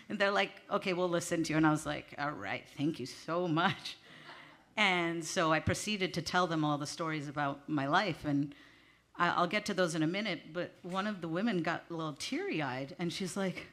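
A woman performs stand-up on a small theater stage, speaking into a handheld mic. Her voice sits a little low yet sounds bright and forceful. She chats nervously and pokes fun at herself as she goes. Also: normal speed. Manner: nervous, chatty, laughing at herself. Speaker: stand-up comedian. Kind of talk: stand-up comedy set. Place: small theater stage before a live audience.

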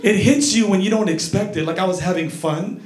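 A man doing a stand-up routine, telling a story in a loud, animated way on a comedy club stage. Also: sits high, fairly quick. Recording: echoey club with crowd laughter.

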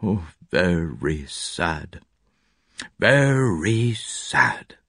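Male narrator plays a pompous, fussy little doctor for an audio story; slow murmur, wide swoops in pitch. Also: huge pitch swings, creaky, darkish tone, no echo, studio quality, heavily acted. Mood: pompous sorrow. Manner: slow, murmuring, self-important.

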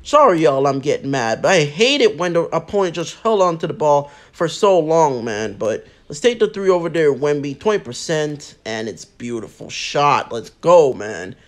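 A man giving casual, excitable commentary over his own mobile basketball game and talking straight to his viewers. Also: on the high side, moderate pace, hardly any pauses. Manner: excitable, talks to viewers, says man and bro a lot. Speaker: mobile game channel host.

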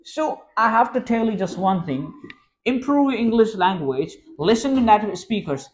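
High-voiced Pakistani man teaching English. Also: expressive, normal speed. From Pakistan, Sindh. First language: Sindhi. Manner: reassuring, repetitive, frequent restarts. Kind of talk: informal spoken English lesson.

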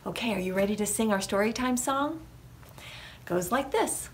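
A woman leading a children's library storytime, reading a picture book aloud in an animated, sing-song voice. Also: mid-range voice, moderate pace, a little hiss or hum.

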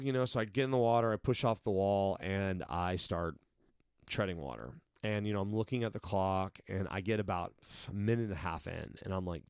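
A man's voice: lowish voice, brisk, no room sound, clean studio sound. A man coaching fighters, telling long casual stories and acting out what he and others said. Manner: animated, acts out quotes of himself and others. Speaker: combat sports coach. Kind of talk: casual storytelling in an interview.

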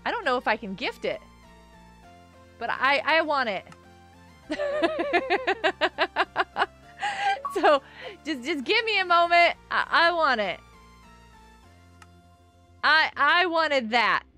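Bubbly high-voiced woman streamer. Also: big pitch swings, takes it slowly, long pauses, bright, forceful tone. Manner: bubbly, giggly, reads chat aloud. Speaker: live streamer. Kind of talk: casual live-stream chat. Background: faint music.

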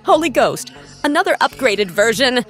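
High, wildly swooping excited woman. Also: normal speed, faint music behind. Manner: dramatic gasping exclamations, swooping from squeals to low murmurs. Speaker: reaction video host. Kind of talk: excited reaction commentary.

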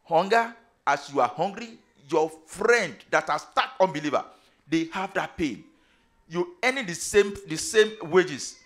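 A pastor delivers a sermon in a high, expressive, somewhat bright voice at an unhurried pace, making emphatic rising declarations and repeating phrases.

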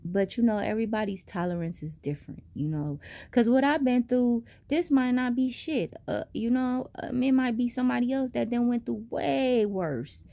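A young woman telling a story in a casual vlog, animated and profane, with big jumps in pitch. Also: moderate pace, creaky, hardly any pauses, dry recording. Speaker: vlogger.

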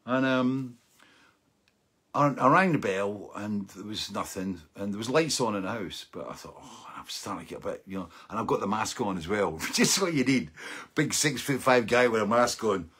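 A middle-aged man hosting a live-streamed show, telling a rambling, animated anecdote with frequent laughs and asides. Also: lowish voice, moderate pace, breathy edge. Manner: rambling and animated, laughing often and tagging lines with "right?". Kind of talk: casual anecdotal storytelling.

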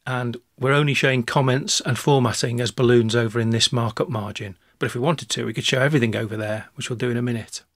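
A man narrating a screencast software tutorial, talking through each step in a relaxed way with small restarts. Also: mid-range voice, quick pace, hardly any pauses, no room sound, studio quality.

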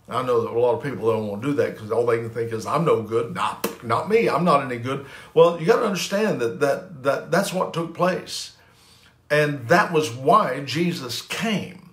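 A man's voice: medium pitch, fairly bright tone. Preaching man in an echoey room. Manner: emphatic preaching with repeated phrases and restarts. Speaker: pastor. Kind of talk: sermon.

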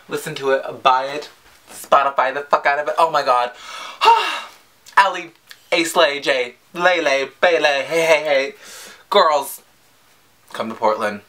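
A man reacting to a pop song in a vlog, gushing, swearing and squealing with excitement. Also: on the high side, slow, pauses often. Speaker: music reaction vlogger. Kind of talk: over-the-top reaction vlog.

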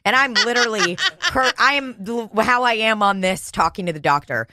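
A woman's voice: on the high side, sing-song, brisk, vocal fry, noisy background. A woman co-hosting a podcast, telling a story in casual, profane chat. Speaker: podcast co-host. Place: podcast studio.

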